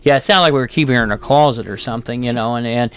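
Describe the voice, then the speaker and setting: A man's voice: mid-range voice, rapid-fire, fairly bright tone, smooth. A man co-hosting a podcast, explaining things at length in an easygoing casual chat. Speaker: podcast co-host.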